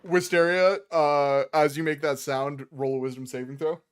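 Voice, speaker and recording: A man runs a tabletop game as its game master, describing scenes and calling for dice rolls. He talks in a relaxed, jokey way and reaches for crude humor. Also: fairly high pitch, moderate pace, clear, resonant tone. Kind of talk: casual tabletop game narration.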